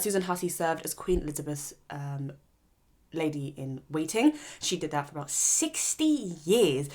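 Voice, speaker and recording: Animated woman hosting an opinion vlog. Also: fairly low pitch. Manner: animated, emphatic, argumentative. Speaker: commentary channel host.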